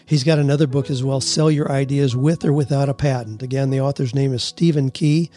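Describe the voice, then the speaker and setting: A man's voice: a little high, fairly quick, hardly any pauses, dark tone, faint music behind. A man hosting his own solo advice podcast, talking in a folksy, earnest way as he answers listener questions and gives step-by-step tips. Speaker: podcast host.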